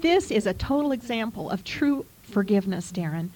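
A woman's voice: mid-range voice, normal speed, a little mellow, rough recording. A woman co-hosting a faith program, telling a scripture story with earnest feeling. Her voice sits in an ordinary middle register, and she reads the verses with care. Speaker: co-host. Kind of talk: Bible teaching talk.

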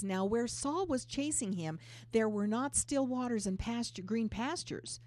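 A woman's voice: a little high, animated, a little slow, a little mellow. A woman co-hosting a Bible talk, earnestly explaining scripture verse by verse. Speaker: Bible teacher co-host.

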